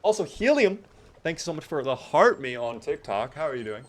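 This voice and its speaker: A man's voice: a little high, sing-song, normal speed. A man streaming a video game live, chatting casually and answering viewer messages as he plays.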